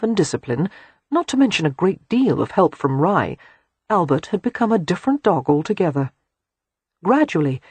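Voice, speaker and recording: An audiobook narrator reading scripted narration in an expressive, measured way. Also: medium pitch, husky, no room sound.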